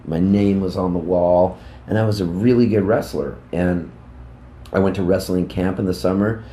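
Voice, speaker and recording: A man in his fifties, a musician, telling rambling, animated anecdotes in a casual interview backstage at a music club. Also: low voice, moderate pace, roomy sound, a little hiss or hum. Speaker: musician guest.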